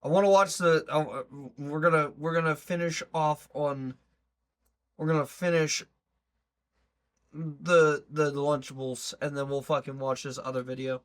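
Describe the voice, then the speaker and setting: Slow-talking crude joking man. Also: on the high side, fairly even intonation. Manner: crude, joking, swears a lot. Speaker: viewer reacting to a video. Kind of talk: casual reaction commentary.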